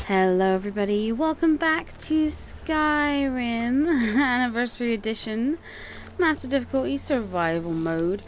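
A woman doing casual let's play commentary on a game, excitable and thinking aloud with frequent exclamations. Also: fairly high pitch, normal speed, faint music behind.

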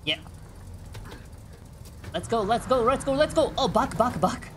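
A woman game streamer giving live gameplay commentary with excitable reactions, switching between Japanese and English. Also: fairly high pitch, a little slow, a little hiss or hum.

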